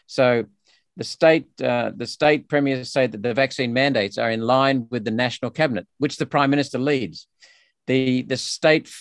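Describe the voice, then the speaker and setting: A man's voice: mid-range voice, no room sound. Australian man, politician guest, emphatic, indignant, restarts often, dry close sound. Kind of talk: podcast interview.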